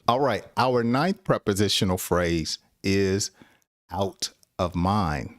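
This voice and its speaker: A man with a fairly low voice teaching English phrases at an unhurried, deliberate pace. He laughs often and acts out short example dialogues, and the recording is dry and close. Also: no echo. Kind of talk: English lesson live stream.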